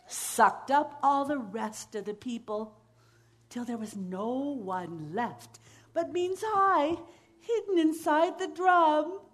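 A storyteller with a high, animated voice takes her time telling a folktale to families. Her lively oral telling is packed with sound effects and playful asides.

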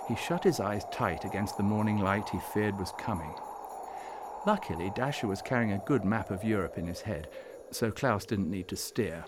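A man reading a storybook aloud in scripted narration, measured and gently expressive. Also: on the low side, noisy background.

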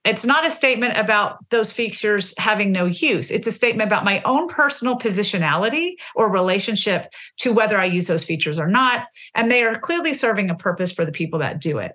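A woman in her forties, a linguist, giving animated explanations in an interview and acting out example phrases. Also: medium pitch, fairly quick, hardly any pauses. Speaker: linguist guest.

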